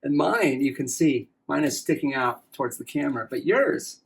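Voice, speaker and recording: A man's voice: mid-range voice, lively intonation, normal speed, creaky, husky. An enthusiastic man presenting a science demonstration, explaining optical illusions to a partner. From USA. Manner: enthusiastic, upbeat.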